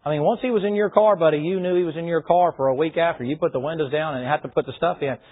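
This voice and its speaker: A man preaches a sermon in a high, husky voice. His style is folksy, and he breaks into shouted bursts. The sound is thin and tinny, like a phone line. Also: very fast. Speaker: pastor.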